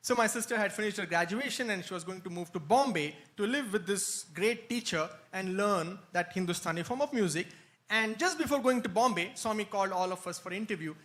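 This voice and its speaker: A man telling an anecdote at a spiritual retreat, animated and laughing often. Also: high-pitched, brisk. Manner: animated storytelling, frequent laughs. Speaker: retreat speaker. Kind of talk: anecdotal talk. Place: hall, live-streamed.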